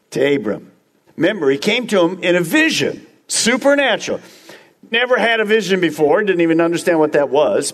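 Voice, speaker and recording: A man preaching a sermon as pastor, emphatic and speaking straight to the congregation with repeated phrases. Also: a little high.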